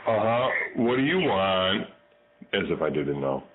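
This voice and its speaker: A man filming his pet bird at home, cooing and baby-talking to her in a singsong voice that swoops up high on repeated phrases. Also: sing-song, measured pace. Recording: tinny phone-like sound with mains hum.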